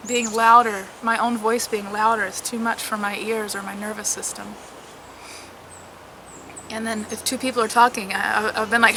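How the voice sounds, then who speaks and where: A middle-aged woman who is unwell and worn out, talking candidly in a personal vlog, halting, sometimes soft and sometimes loud. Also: a little high, flat delivery, noisy background. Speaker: vlogger.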